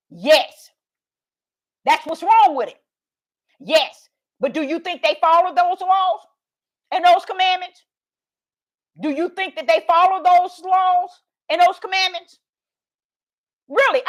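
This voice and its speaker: High-voiced preacher woman questioning her chat. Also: a bit bright. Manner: preachy call-and-response, asking the chat questions. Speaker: online preacher. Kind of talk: livestream Bible teaching.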